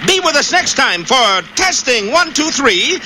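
A man's voice: very high voice, big pitch swings, unhurried, pushed and bright, a little hiss or hum. A man narrating a cartoon in a melodramatic, announcer-like way.

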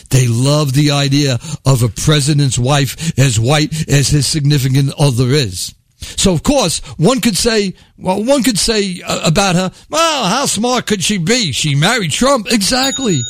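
A man's voice: on the high side, dry recording, studio quality. A man delivering a sarcastic, mocking political monologue, rambling at times. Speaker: commentator.

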